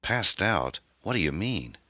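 A dazed husband, read by a man narrating an audiobook, who has just woken in a hospital bed. He talks weakly and sounds confused. The voice stays deep and bright. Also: big pitch swings, a little slow, dry recording, studio quality, full character voice.

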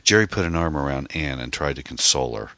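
A man with a very deep voice narrates a mystery novel, his intonation lively and expressive. His tone is bright and the recording dry and close. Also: fast, no echo. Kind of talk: audiobook narration.

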